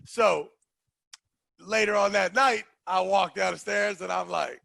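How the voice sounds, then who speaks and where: Gravelly man telling an animated story. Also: sits high, unhurried, no echo. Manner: animated, acts out quoted voices. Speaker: podcast host telling a story. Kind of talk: casual storytelling.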